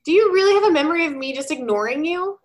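A woman's voice: sits high, lively intonation, quick pace. A woman in casual chat as a podcast co-host, talking in a chatty way with many fillers.

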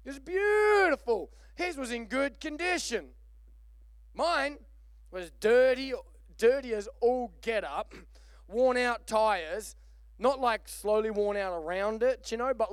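A man preaching a lively sermon, joking and calling for amens. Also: very high-pitched, slow pace, dry recording, studio quality. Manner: animated, joking, calls for amen. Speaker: pastor.

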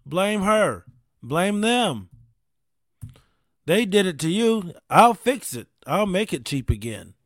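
A man's voice: high-pitched, big pitch swings, slow, long pauses, no echo, studio quality, voice pushed up, exaggerated voice. A man mocking a glib politician. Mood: pitching. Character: glib campaigning politician, promising fixes.

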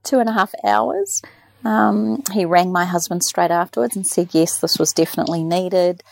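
A woman's voice: fairly low pitch, moderate pace, vocal fry, darkish tone, no echo. A middle-aged woman, chatting casually and animatedly telling a personal story, acting out the voices of others. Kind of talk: casual chat.

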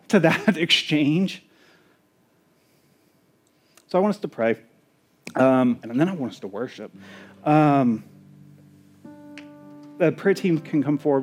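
A male pastor preaching a sermon, sometimes singing hymn lines, excitable and then softening into prayer. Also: medium pitch, husky. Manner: exuberant, rising to near-shouts of joy; lapses into soft, intimate prayer.

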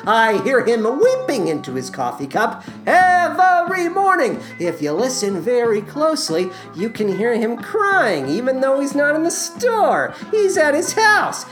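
A man voicing a frantic, stoned teenage male coffee-shop clerk in a comedic fake radio ad, shrill and rambling. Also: fairly bright tone, exaggerated voice. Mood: manic.

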